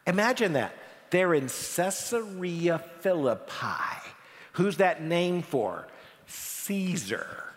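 Animated preacher in a reverberant hall. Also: male voice, a little high. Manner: animated, dramatic pauses, repeats words when emphasizing. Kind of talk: sermon.

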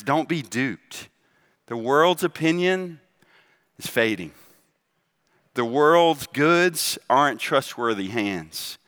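With a medium-pitched, slightly bright voice, a middle-aged pastor delivers his sermon like a conversation. He keeps asking the congregation questions and frequently adds "right?".

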